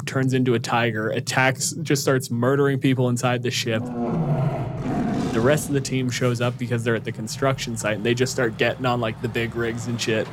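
A man's voice: mid-range voice, noisy background. Man recapping a book, loose and profane. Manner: loose, profane storytelling with frequent fillers. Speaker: podcast co-host. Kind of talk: casual podcast chat recapping a book.

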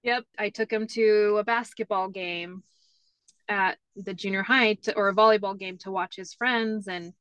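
A woman's voice: mid-range voice, steady tone, normal speed, fairly bright tone, clean tone, no echo, dull audio. A woman guest telling family stories in a casual chat, leaning on "like" and "you know" as she talks. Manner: chatty, many "like" fillers. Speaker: interview guest.

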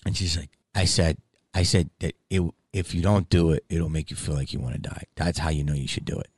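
A man hosting a comedy podcast, telling a story in a profane, heated rant that swings from mumbled asides to shouting. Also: very deep voice, brisk, husky, no echo.

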